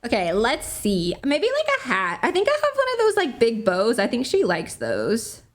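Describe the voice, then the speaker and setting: Young woman streamer, bubbly and chatty, high lively voice, faint music behind. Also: normal speed. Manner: bubbly, apologetic, giggly, chatty. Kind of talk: casual gameplay chat.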